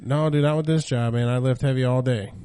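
A man's voice: mid-range voice, steady tone, brisk, mellow, smooth. A man co-hosting a podcast, describing things in a matter-of-fact, profane casual way. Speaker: podcast co-host. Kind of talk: casual chat.

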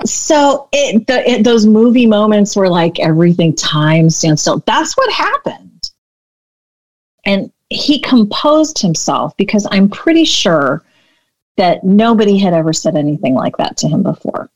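A woman business coach telling a story in a podcast interview, animated and acting out the dialogue. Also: medium pitch, normal speed, dry recording, muffled recording.

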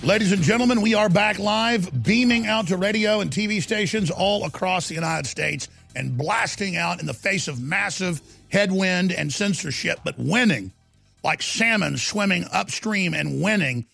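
A male radio talk show host delivering a fiery political monologue, ranting emphatically and swinging from low growls to sudden loud outbursts. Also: unhurried, gravelly, soft background music.

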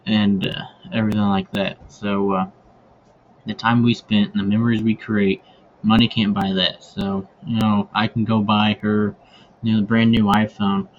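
A man hosts a hunting podcast, telling casual stories in a rambling way full of fillers and restarts. His voice is fairly low with little pitch movement, and he speaks at a moderate pace. The lo-fi recording sounds dull, with faint ambient noise.

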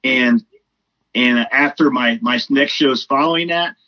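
A man's voice: medium pitch, measured pace, muffled recording. A man guest on a podcast, chatting casually and effusively, rambling with lots of fillers. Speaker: comedian. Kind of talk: casual chat.

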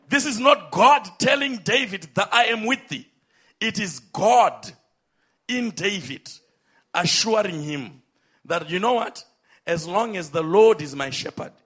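A man preaching a sermon, with emphatic, drawn-out phrases, calling on the congregation to respond. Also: high voice, a bit bright, husky.

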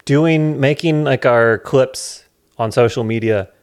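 Male comedy podcast co-host, mid-pitched voice, deadpan sarcasm. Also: takes it slowly, clear, resonant tone. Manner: dry, sarcastic deadpan jokes. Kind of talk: casual chat.

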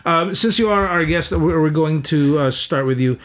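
A man's voice: on the high side, normal speed, lo-fi sound. A man hosting a casual podcast chat, joking and teasing the others between laughs. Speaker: podcast host.

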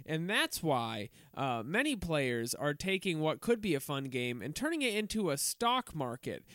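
A man co-hosting a comedy podcast, talking in a wry, deadpan, jokey way. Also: on the high side, moderate pace, no echo, studio quality. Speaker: podcast co-host.

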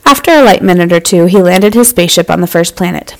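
Hosting her podcast, a woman tells young listeners a bedtime-style story in a lively, friendly way. Her voice is lowish, quick and creaky, captured in low-quality audio.

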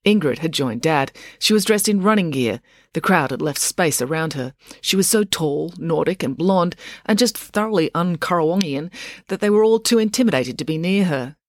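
Low-voiced woman narrating a story. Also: normal speed, no room sound, studio quality. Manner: lively, playful storytelling. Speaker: audiobook narrator. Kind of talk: scripted narration.

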